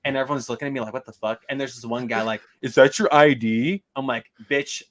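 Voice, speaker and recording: A man from Chicago, co-hosting a casual show, telling a story in an animated way, swearing and acting out what people said. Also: mid-range voice, fast, a loud crowd. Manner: animated, swearing, acts out quotes. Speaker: podcast co-host.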